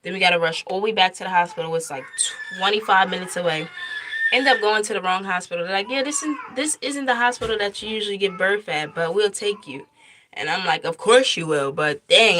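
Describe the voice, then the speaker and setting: Bright, animated young mother storytelling. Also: lowish voice. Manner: animated retelling, acts out quoted lines. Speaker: mother telling her birth story. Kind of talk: casual storytime vlog.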